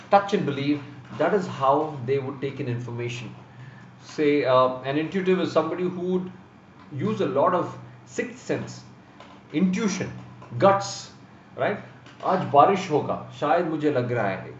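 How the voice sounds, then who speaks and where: Animated Indian English man, slightly high voice, teaching online from a roomy distant mic. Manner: animated, acts out voices loud and soft. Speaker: host and interview coach. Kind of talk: live online class, Hinglish teaching. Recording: roomy, distant, dull with faint hiss.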